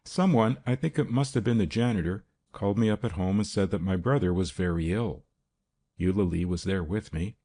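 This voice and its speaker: A man's voice: low voice, a little fast, dark tone. A man reading an audiobook, voicing a grief-stricken young woman who pleads for help in a raised, breaking voice. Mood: distraught.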